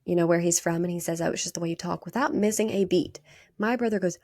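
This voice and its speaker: A woman with a Southern US accent hosting a podcast, chatting and telling animated stories in a casual way. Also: lowish voice, no room sound, clean studio sound. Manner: chatty, animated retelling with quick quoted voices. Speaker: podcast host. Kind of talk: casual storytelling monologue.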